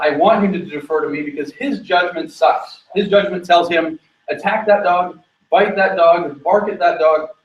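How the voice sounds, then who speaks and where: Giving dog training instruction on location, a man describes his method and fires off quick commands to the dog. His voice sits a bit above most men's, distant, roomy and echoey, with dull audio overall.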